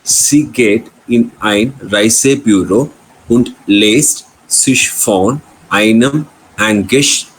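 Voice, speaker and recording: Slow polite student reading aloud. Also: male voice, lowish voice, low-quality recording. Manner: polite, reads aloud haltingly.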